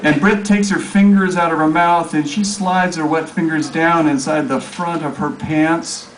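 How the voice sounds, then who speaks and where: A man reading his own story aloud at a live public event, telling it in a deadpan way. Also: fairly high pitch. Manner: deadpan storytelling, crowd laughing along. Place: live reading venue with audience. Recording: distant mic with loud crowd and noise.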